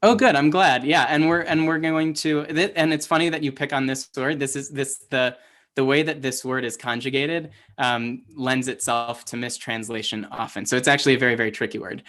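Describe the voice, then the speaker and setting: A man's voice: medium pitch, steady tone, brisk, a bit bright. Man teaching a class, stepwise and chatty. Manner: explains step by step, quizzes learners, many fillers. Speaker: Hebrew teacher.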